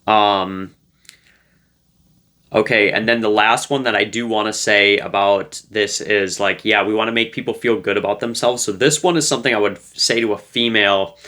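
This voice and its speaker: A man talks casually to camera, sharing social advice in a relaxed, playful way. His voice sits fairly low and has a bright, forceful edge, and he fills his sentences with loose fillers and restarts. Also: normal speed. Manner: loose and conversational, full of fillers; playful, light-hearted. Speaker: relationship advice creator.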